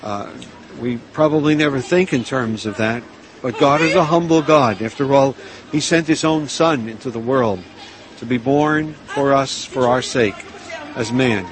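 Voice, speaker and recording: A man preaching, earnest and measured, urging listeners to humility. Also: medium pitch, crowd noise, poor audio. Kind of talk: sermon.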